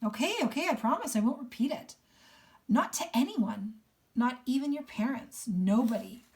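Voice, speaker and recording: A woman's voice: a little high, expressive, moderate pace, darkish tone, close to an everyday voice. A woman reading the lines of a shy, hurt teenage boy who sounds pleading and unsure. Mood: eager.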